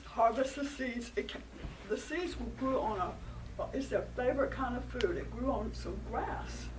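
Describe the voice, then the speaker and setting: A woman telling a folktale to children, animated and coaxing them to join in. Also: a little high. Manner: animated, coaxing, interactive with listeners. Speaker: storyteller. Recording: distant mic, noisy room.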